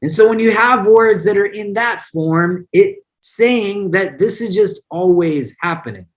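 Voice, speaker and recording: A man's voice: high voice, measured pace. A man, an imam, giving a conversational online religious lesson, explaining word meanings and mixing in personal anecdotes. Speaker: imam teaching an online class.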